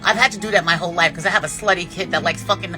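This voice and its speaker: A woman's voice: lowish voice, racing, music in the background. A woman in her fifties giving blunt, profane life advice in an unscripted monologue. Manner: blunt, profane and preachy, with big swings in emphasis.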